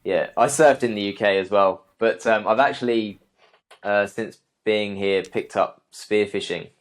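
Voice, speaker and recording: A young man, a guest arborist, answering interview questions in a relaxed way with many ums and restarts. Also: on the low side, unhurried.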